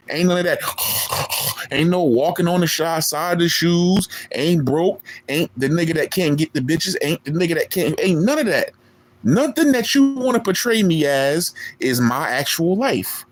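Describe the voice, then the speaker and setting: A man's voice: fairly high pitch, lively intonation, normal speed. A man, streaming a boastful, profane callout rant at a rival in street slang. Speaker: online streamer.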